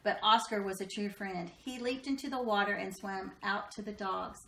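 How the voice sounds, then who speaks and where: A woman reading a children's picture book aloud, expressive and slowing down for dramatic moments. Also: mid-range voice, vocal fry. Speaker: storybook reader. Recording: echoey room.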